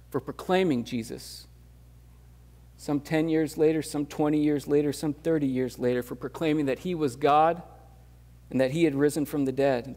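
A man's voice: on the high side, darkish tone. Man preaching in a reverberant church hall. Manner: conversational preaching with fillers, rising to emphatic questions. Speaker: pastor. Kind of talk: sermon. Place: church sanctuary.

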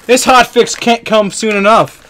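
A man streaming a car game, joking and yelling at the game as he plays. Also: high-pitched, slight background noise. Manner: joking, animated, quick to laugh and yell at the game. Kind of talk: casual gaming stream commentary.

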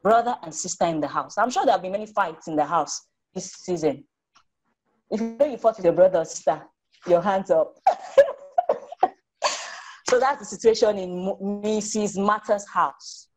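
A woman author reading her story aloud to children, animated and stopping to ask them questions. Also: mid-range voice, normal speed, long pauses, rough recording.

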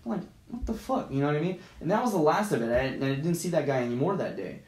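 A man's voice: on the high side, expressive, rapid-fire, darkish tone. A man co-hosting a casual podcast, retelling a story with lots of swearing and acted-out quotes. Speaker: podcast co-host. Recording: roomy echo.

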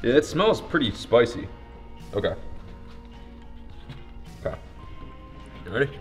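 A man's voice: medium pitch, very animated, measured pace, soft background music. A young man hosting a fishing vlog outdoors, chatting casually and joking crudely. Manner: joking, crude, hype outro. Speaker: fishing channel host.

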